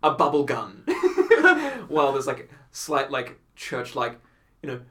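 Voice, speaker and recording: Bright-voiced man telling stories. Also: mid-range voice, takes it slowly. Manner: animated storytelling, acts out quotes, laughs often. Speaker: podcast guest. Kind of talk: casual chat.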